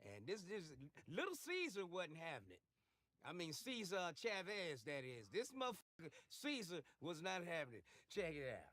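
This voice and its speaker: A man hosting a live reaction stream, talking in a loud, profane, joking way, with quick asides. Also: on the high side. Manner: animated, profane, jokey asides. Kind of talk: casual reaction commentary.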